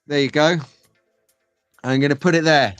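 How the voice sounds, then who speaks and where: A man's voice: on the high side, moderate pace, a bit bright, clear, resonant tone, no room sound, faint music behind. Chatty rambling male stream host. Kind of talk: live stream chat, reading viewer comments.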